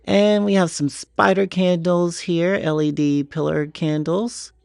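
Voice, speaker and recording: A man's voice: a little high, steady tone, unhurried, vocal fry, a little mellow, clean tone, no room sound. A man chatting casually through a shopping vlog inside a store, rambling eagerly about his finds. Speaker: Halloween shopping vlogger. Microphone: portable mic while walking.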